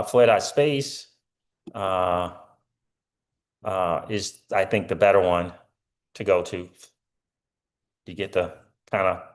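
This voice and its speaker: A middle-aged man hosting a casual crypto livestream, rambling with lots of fillers and answering viewer comments. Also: deep voice.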